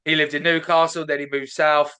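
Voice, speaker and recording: British male podcast host, smooth and clear voice, a bit high, playfully challenging. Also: level tone, brisk, pushed and bright. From Britain. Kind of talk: casual chat.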